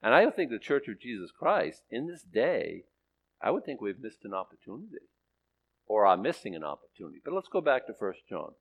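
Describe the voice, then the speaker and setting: Man, pastor, conversational sermon, lively pitch, playful asides. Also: fairly quick, vocal fry, narrow, tinny audio. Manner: chatty and self-questioning, with playful asides.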